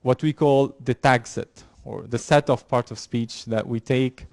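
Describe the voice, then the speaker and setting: A male university lecturer explains concepts to a class, stumbling through fillers and repeated words as he goes. His voice sits at a middle pitch and is recorded dry, with almost no room echo. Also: steady tone, gravelly, darkish tone. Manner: halting, many fillers and restarts.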